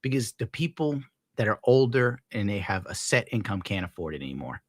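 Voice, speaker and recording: A man ranting casually on his stream at home, swearing, laughing often and scolding his dog loudly between points. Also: fairly low pitch, sing-song, a little fast, no echo, clean studio sound. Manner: profane, rambling, laughs often. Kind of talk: casual rant on a live stream.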